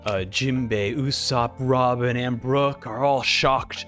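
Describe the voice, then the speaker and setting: A man reading out a manga chapter in a casual reaction video, laughing often and doing quick funny voices for the lines. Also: medium pitch, a bit bright.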